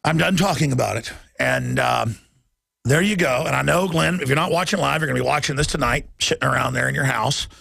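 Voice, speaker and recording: A male radio talk show host delivering a combative, mocking monologue with a raspy, gravelly voice. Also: medium pitch, fairly quick, pushed and bright, no room sound.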